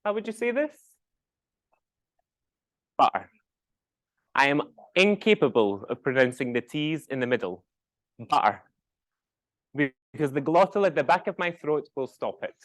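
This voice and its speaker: A man's voice: fairly high pitch, sing-song, brisk. A man from the west coast of Scotland with a West Coast Scottish accent, giving a classroom lecture, often ending points with a questioning "right?" and saying example words aloud. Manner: explains with tag questions, demonstrates sounds aloud.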